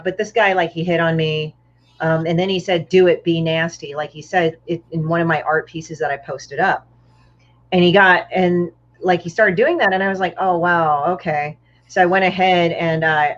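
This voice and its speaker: A woman, a guest comic artist, chatting casually and bluntly, swearing freely and acting out other people's lines. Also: fairly low pitch. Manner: blunt, profane storyteller who acts out other people's lines. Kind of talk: casual podcast chat. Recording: dull, muffled lo-fi audio.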